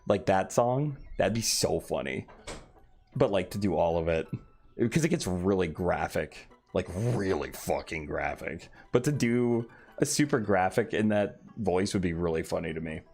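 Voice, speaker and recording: A man's voice: sits low, lively intonation, normal speed, creaky, a little mellow, slightly rough. A man casually chatting on a late-night stream, reading chat aloud and swearing offhandedly. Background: faint background music.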